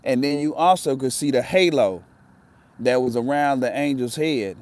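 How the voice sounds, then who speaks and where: A man's voice: medium pitch, normal speed, a little mellow. A man telling a personal story in a casual, earnest way, often repeating himself for emphasis.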